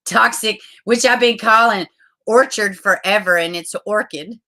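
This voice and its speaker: Sharp in tone, medium in pitch and at a normal speed, a woman chats through a casual livestream, reading comments from viewers. She swears freely and greets them with endearments.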